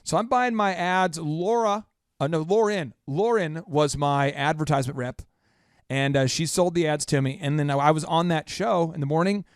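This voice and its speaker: Male podcast host with a raised voice, rapid-fire storyteller, poking fun at himself, dry close sound. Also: fairly high pitch, clean tone, no echo. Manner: animated, rapid-fire, self-mocking. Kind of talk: storytelling in casual chat.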